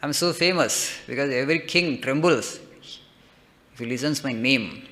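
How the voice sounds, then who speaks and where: A man's voice: mid-range voice, normal speed, sharp tone, lightly acted. A man voicing a proud male warrior who boasts of his fame. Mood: indignant. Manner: boastful, indignant.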